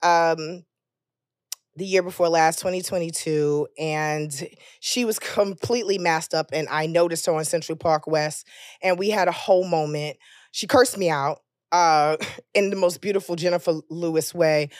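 A woman's voice: normal speed, dry recording, studio quality. Candid cursing woman podcast host. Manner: candid, animated storytelling with frequent cursing; swings to loud high outbursts when joking. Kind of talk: casual chat.

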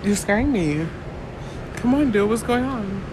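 A woman's voice: mid-range voice, expressive, a little slow. A young woman chatting casually while watching a show, laughing often and playfully acting nervous. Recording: noisy background.

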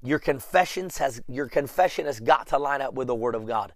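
A man's voice: medium pitch, expressive, fairly quick, no room sound. A man preaching a sermon, talking emphatically, repeating phrases over and over as he builds up.

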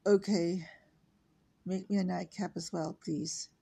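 A woman's voice: fairly low pitch, steady tone, slow pace, creaky, mellow, slightly rough, full character voice. An older woman voicing a worried, soothing mother in a story she reads aloud. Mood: concerned.

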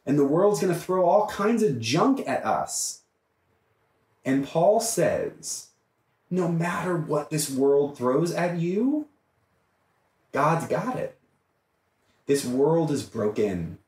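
A man, a priest, teaching a Bible study in an emphatic, animated way, often asking "right?" as he goes. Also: fairly high pitch, slow, pauses often. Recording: echoey room, mic far off.

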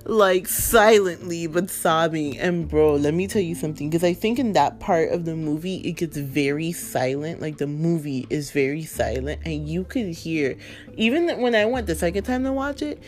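Woman, low voice, casual rambling chat, filler-heavy, emotional. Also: normal speed, darkish tone. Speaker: movie fan vlogger.

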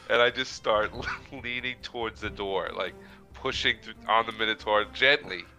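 A man's voice: lowish voice, slow pace, pauses often, sharp tone, soft background music, rough recording. A man playing a tabletop game, chattily describing what his character does. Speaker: player. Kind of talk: casual tabletop play.

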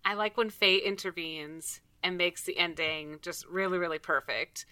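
A woman co-hosting a podcast in casual chat, animated and acting out quoted lines. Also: lowish voice, moderate pace, no room sound. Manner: animated, quotes others in playful voices. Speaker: podcast co-host.

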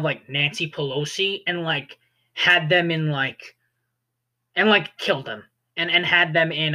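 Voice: mid-range voice, pushed and bright. A young adult talking through film reviews in a casual, rambling way, full of "like" and restarts. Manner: rambling, full of "like" and self-corrections. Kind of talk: casual spoken movie review.

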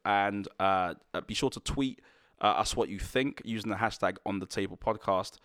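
Male podcast host, lowish voice, dry close sound, earnest and chatty. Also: steady tone, a little fast, fairly bright tone, dry recording. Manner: earnest, rambling with restarts and jokes. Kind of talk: casual faith podcast chat.

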